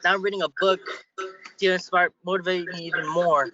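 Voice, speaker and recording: A man's voice: high-pitched, steady tone, a little fast, pushed and bright. A young man speaking earnestly on a team call about what motivates him. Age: young adult. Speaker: salesperson being promoted. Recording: dull lo-fi call audio.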